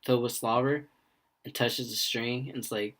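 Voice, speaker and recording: A young man co-hosting a casual podcast, rambling through stories from his jobs. He keeps pausing on fillers and slips into short impressions of coworkers and customers. His voice sits at an ordinary middle pitch for a man. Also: steady tone, fairly bright tone. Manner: rambling storyteller who acts out quoted voices. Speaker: podcast co-host.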